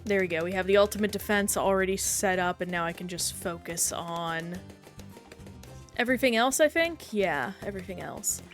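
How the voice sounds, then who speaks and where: A woman's voice: on the low side, normal speed, soft background music. A woman streamer chatting casually while playing a game and answering chat, talking in a self-reflective, rambling way.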